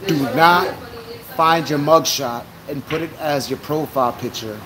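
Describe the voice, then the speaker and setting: A man's voice: on the high side, a little slow, crowd noise, rough recording. A man co-hosting a podcast, rambling through casual talk with restarts and laughs. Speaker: podcast co-host. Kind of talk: casual chat.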